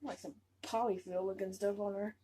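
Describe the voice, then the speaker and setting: A woman unboxing a doll on her vlog, gushing with repeated exclamations and drifting into soft murmurs. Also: mid-range voice, steady tone, a little fast, a little hiss or hum, poor audio. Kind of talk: casual excited unboxing chat.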